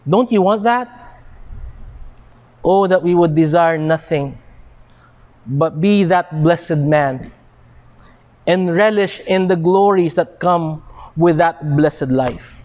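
A man with a Filipino accent preaching a sermon, deliberate and emphatic, now and then switching into Tagalog. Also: on the high side, a little mellow. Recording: long hall reverb.

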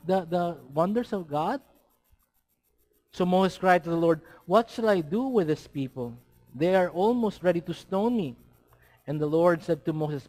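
A man's voice: sits high, a little mellow. A man preaching a sermon, asking his listeners rhetorical questions and dropping in Tagalog words.

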